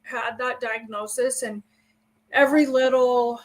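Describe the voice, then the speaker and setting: A woman's voice: a little high, fairly even intonation, unhurried, rough recording. A woman co-hosting a livestream, candidly sharing personal stories and getting emotional. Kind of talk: casual personal chat.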